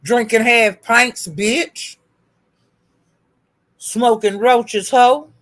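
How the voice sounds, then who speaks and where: A livestream host with a slightly high, steady voice stretches out her words. She taunts someone with crude, repetitive insults and calls out to her chat viewers by name.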